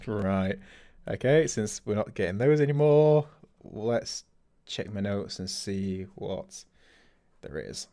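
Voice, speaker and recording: Man, game streamer, chatty, laughs a lot, low voice, slow talk. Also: expressive, mellow. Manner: chatty, laughs often, thinks aloud. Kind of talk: livestream gameplay commentary.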